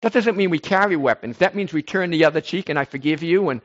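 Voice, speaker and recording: A man preaching informally to a small group, rambling and animated, swinging between loud bursts and soft asides. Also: on the high side, fast, lo-fi sound. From United States.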